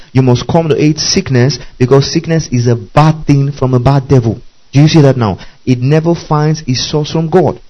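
A man's voice: mid-range voice, warm tone, highs cut off. A man preaching a teaching sermon, repeating key phrases, spelling words letter by letter and often asking listeners if they follow. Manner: frequent checking questions to listeners.

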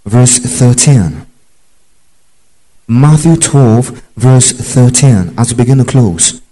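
A man's voice: mid-range voice, lively intonation, slow pace, mellow, rough recording. A man preaching a Bible teaching, emphatic and repetitive, checking in with his listeners. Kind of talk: sermon-style Bible teaching.

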